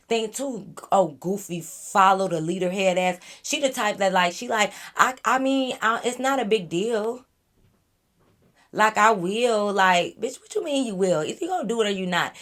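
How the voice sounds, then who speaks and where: Animated, profane woman telling a story. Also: mid-range voice. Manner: animated, profane, exasperated retelling. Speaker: vlogger. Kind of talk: casual storytime.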